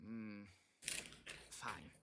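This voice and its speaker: An actor playing a pompous, condescending aristocrat who owns a vineyard, in video game voice acting. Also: male voice, on the low side, drawn-out words, heavy background noise. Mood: haughty. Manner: haughty, fussy and condescending.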